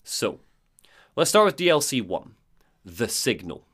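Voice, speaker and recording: A man's voice: mid-range voice, very animated, unhurried, a bit bright, husky. A man hosting a casual podcast, recapping video game lore and reading out quotes in different voices. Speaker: podcast host.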